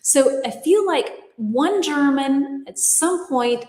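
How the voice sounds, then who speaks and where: A woman's voice: high-pitched, animated, slow pace, a little mellow. American woman host, chatty teacher voice, echoey room with long reverb. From United States. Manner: chatty, reads comments aloud and reacts. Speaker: English teacher. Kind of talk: live-stream lesson reading viewer comments.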